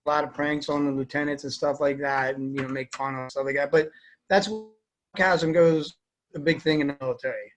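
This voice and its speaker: Young male vet, interviewee, rambling casual answers, higher-than-usual pitch. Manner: rambling, many fillers like "you know". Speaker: army veteran interviewee.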